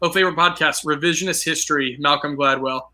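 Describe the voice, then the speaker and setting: A news producer appears as a guest over a video call, explaining things in a casual, conversational way through a computer mic. His voice is a little high, fairly even in intonation, quick, and sharp in tone, with poor audio.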